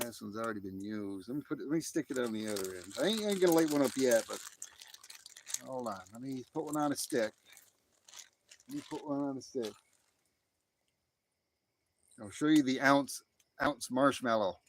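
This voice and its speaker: A man's voice: medium pitch, lively intonation, moderate pace, pauses often, a little hiss or hum. Easygoing American man chatting by a fire. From United States. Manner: rambling, easygoing, with many restarts and fillers. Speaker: live streamer. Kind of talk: casual chat reading viewer comments. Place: outdoors by a fire pit. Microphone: phone.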